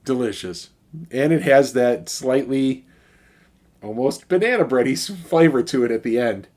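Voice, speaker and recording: A man's voice: medium pitch, normal speed. A middle-aged man with a Chicago accent, chatting casually as he reviews a beer in his video. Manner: relaxed and chatty, with fillers and sighs.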